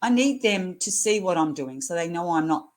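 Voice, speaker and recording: A woman's voice: lowish voice, lively intonation, normal speed. A woman in her sixties, a nurse educator speaking as an interview guest in a blunt, earthy way, often laughing as she tells stories. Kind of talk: casual interview chat.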